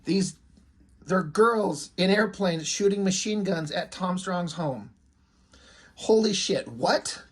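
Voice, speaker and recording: A man casually reviewing a comic book, excited, with swearing and many fillers. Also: high-pitched, slow pace, slightly rough.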